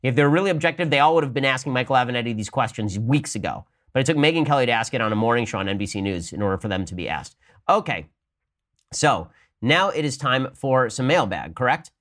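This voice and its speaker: A young adult man hosting a political commentary show, arguing rapidly and firing rhetorical questions as he answers listener mail. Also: mid-range voice, animated, fairly bright tone. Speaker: host.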